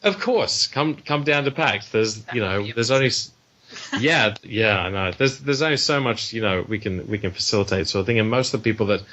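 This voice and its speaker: Bright-voiced Australian man, rambling guest. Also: lowish voice, fairly quick. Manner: rambling, self-deprecating, many restarts. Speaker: podcast guest. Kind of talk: casual podcast chat. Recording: dull lo-fi audio.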